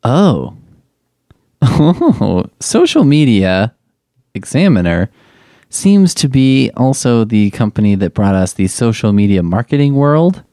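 Man, sarcastic, swearing, low-ish voice, dry recording. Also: dark tone, smooth, dry recording. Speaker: podcast host reviewing other podcasts. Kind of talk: casual commentary.

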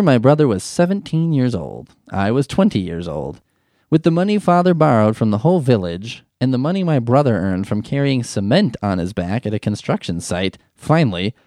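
A man reading a sentimental story aloud and mocking it with sarcastic, deadpan asides. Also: medium pitch, dry recording, studio quality. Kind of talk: mocking commentary over a read-aloud story.

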